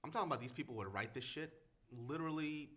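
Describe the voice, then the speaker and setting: A man who is a guest filmmaker in a casual podcast chat, talking in a fast, rambling, emphatic way with lots of fillers. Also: fairly high pitch, lively intonation, fairly bright tone.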